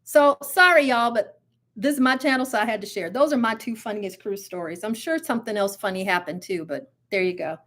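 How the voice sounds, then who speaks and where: A woman's voice: mid-range voice, fairly quick, fairly bright tone. A woman hosting her own cruise channel, telling stories and reading news in a chatty, giggly way with plenty of asides and fillers. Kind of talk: casual live-stream chat and storytelling.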